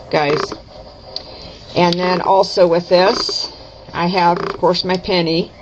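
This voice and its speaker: A woman's voice: lowish voice, noisy background. A woman chatting casually to camera as she shows her craft projects, correcting herself and explaining each step. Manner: chatty, self-correcting, folksy. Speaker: craft vlogger. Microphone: camera mic. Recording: dull lo-fi camera audio.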